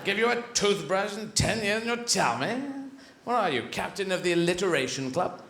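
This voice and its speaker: A man doing stand-up comedy on a theatre stage, rambling and animated, with frequent swearing. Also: high voice, a little fast. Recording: echoey theatre with audience noise.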